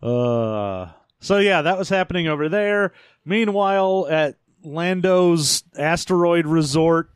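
A man's voice: fairly high pitch, smooth, no room sound, studio quality. A man co-hosting a podcast, bantering playfully and recapping a story. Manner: playful, quick banter, laughs a lot. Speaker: podcast co-host. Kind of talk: casual chat recapping a story.

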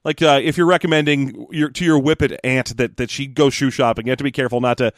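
A man co-hosting a podcast in relaxed, rambling casual chat. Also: mid-range voice, fast, no room sound, clean studio sound. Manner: relaxed, rambling, with fillers and restarts. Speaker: podcast co-host.

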